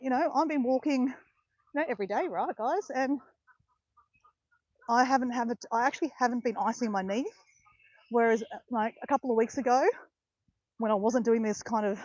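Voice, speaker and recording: A woman's voice: a little high, a little mellow, no room sound, highs cut off. A woman of around fifty chatting casually while walking outdoors, rambling and correcting herself as she goes. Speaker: vlogger. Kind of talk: casual walking vlog chat. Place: outdoors in botanical gardens, walking.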